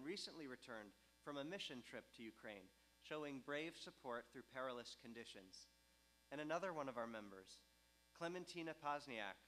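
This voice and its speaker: Earnest rabbi, bright voice. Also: male voice, medium pitch, poor audio. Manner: measured, earnest, slows for emphasis. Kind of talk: sermon. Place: synagogue sanctuary.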